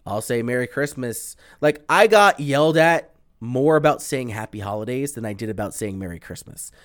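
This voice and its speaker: A man's voice: mid-range voice, animated, moderate pace, no room sound, studio quality. A man hosting a casual podcast, talking in a blunt, profane way. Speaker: podcast host.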